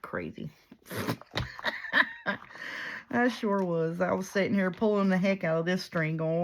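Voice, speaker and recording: A woman's voice: fairly low pitch, moderate pace, long pauses. A woman chatting casually while crafting, rambling and poking fun at herself. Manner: chatty, rambling, self-mocking storyteller. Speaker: paper crafter and YouTuber.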